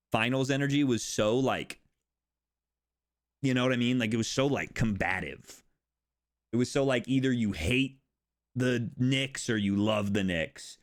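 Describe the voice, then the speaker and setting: A young American man streaming casual chat, rambling and animated, swearing and laughing often as he talks. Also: mid-range voice. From United States.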